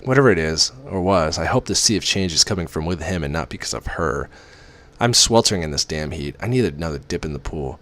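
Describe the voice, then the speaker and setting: Deep-voiced man reading a story aloud. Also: expressive, brisk, a bit bright. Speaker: reader. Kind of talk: first-person story reading.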